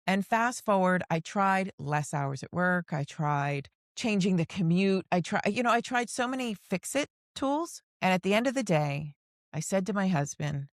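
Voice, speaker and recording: A woman's voice: medium pitch, expressive, normal speed, dry recording, clean studio sound. A middle-aged woman hosting a podcast, telling personal stories in an earnest, heartfelt way. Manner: earnest, emotional, tells long personal stories. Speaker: podcast host. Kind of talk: casual conversation, personal storytelling.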